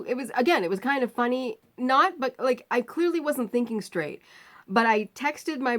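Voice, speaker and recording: Chatty woman vlogger telling a story. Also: mid-range voice. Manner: chatty, laughs often, many fillers and restarts. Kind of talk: casual storytelling to camera.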